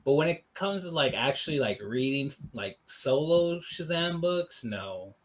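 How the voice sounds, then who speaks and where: A man co-hosting a casual movie review podcast, rambling through plot recaps full of "like" and quick acted-out quotes. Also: fairly high pitch, expressive. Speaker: podcast co-host.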